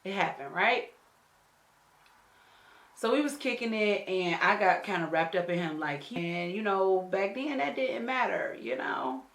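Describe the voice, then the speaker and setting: A woman's voice: mid-range voice, animated, a little slow, fairly bright tone. A woman beauty vlogger telling a personal story in a casual, slangy, profane way while doing her makeup, often checking in with the viewer. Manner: talks straight to the viewer with frequent check-ins. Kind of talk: storytelling during a makeup tutorial. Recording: echoey room.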